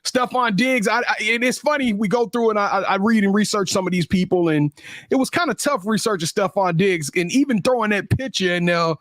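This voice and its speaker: A man with a Southern US accent co-hosting a sports podcast, excitable and joking as he runs a trivia giveaway. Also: sits high, brisk, no room sound. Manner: excitable, laughing, hype-man banter. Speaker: podcast co-host. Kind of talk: casual chat and trivia giveaway.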